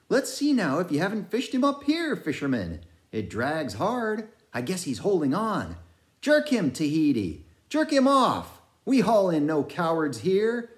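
A crazed young cabin boy in an audiobook, his voice pitched up high and lively, calling out in a singsong, frantic way. He swings up and down wildly between phrases. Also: heavily acted.

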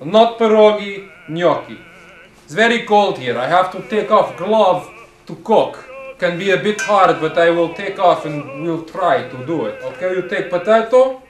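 A man's voice: sits high, animated, a little slow. A man voicing a cheerful, bumbling Russian cooking show host in a fake Russian accent and broken English. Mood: cheery. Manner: broken English, hammy showman. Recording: echoey room.

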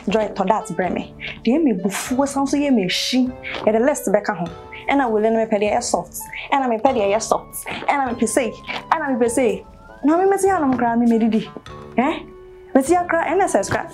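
A woman's voice: fairly high pitch, darkish tone, lightly acted. A woman with a Ghanaian accent playing a put-upon young intern who complains at length, mixing Twi and English. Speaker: national service trainee. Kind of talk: comic web-series acting.

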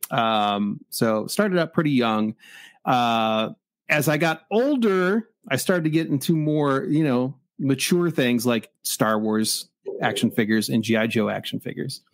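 Speaking at an unhurried pace in a mid-range voice, a comic shop owner from Michigan, forties, spins a lively, casual story. He performs both parties of the conversation himself. There's no room sound.

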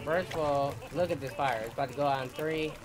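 A man's voice: on the high side, fast. A man gaming with a friend, brashly and sarcastically defending himself. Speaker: gamer. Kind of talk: comedic gaming banter. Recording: loud game music behind.

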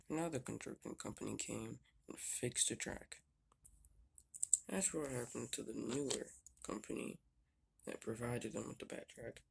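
A young fan narrator telling a homemade toy train story in plain, unhurried narration. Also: medium pitch, creaky, slight background noise. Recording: homemade video voice-over.

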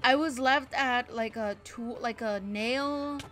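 A woman's voice: a little high, slow, over loud music. A young woman telling a casual story from her childhood, rambling with lots of fillers and frequent swearing. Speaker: storytime vlogger.

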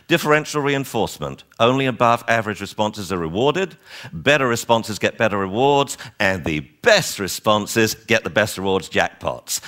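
A man lecturing a seminar on dog training, animated and wryly exasperated, acting out owners and dogs as he goes. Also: medium pitch.

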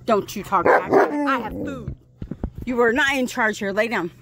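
A woman's voice: fairly high pitch, measured pace, fairly bright tone. A woman hosting a casual pet vlog, talking to her dog and giving him firm, repeated commands, outdoors in a yard. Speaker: dog owner and channel host.

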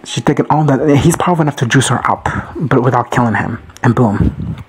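A man recapping a show in a casual reaction video, gushing and excitable, swearing freely. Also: mid-range voice, fairly quick, husky, poor audio.

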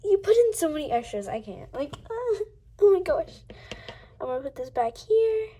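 A young woman chatting casually while unboxing toys, gushing and gasping often, sometimes dropping to a breathy coo. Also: very high-pitched, very animated, moderate pace, warm tone.

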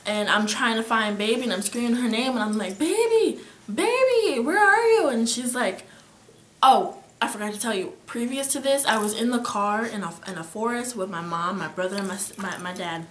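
A teenage girl telling a vivid dream in casual storytelling, her voice dropping to whispers and rising to near-shouts. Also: medium pitch, steady tone, a little fast, few pauses. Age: teens. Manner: emotional, swings between whispers and near-shouting. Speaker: guest sharing a dream. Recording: echoey room.

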